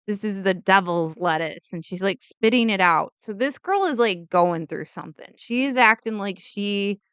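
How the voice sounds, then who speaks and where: A woman's voice: mid-range voice, a bit bright, clean tone, no echo. A woman casually telling a true crime story as a vlogger, rambling with lots of "like" and opinionated asides and disclaimers. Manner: rambling, heavy use of "like", self-interrupting asides.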